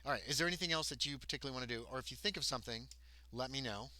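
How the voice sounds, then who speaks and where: A man's voice: medium pitch, very fast, pushed and bright. A man narrating a tabletop game as game master, rambling along with many ums and self-corrections.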